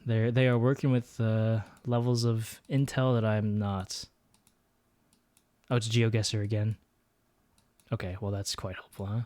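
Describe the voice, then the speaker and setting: A man's voice: on the low side, steady tone, moderate pace, long pauses, a little mellow, dry recording. A man streaming a geography guessing game, thinking aloud and muttering his guesses with self-deprecating asides. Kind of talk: casual gameplay commentary.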